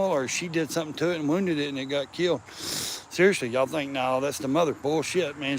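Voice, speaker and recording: A man's voice: medium pitch, a little hiss or hum. A man chatting casually outdoors, rambling and crude, breaking into baby-talk for the cats around him. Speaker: vlogger.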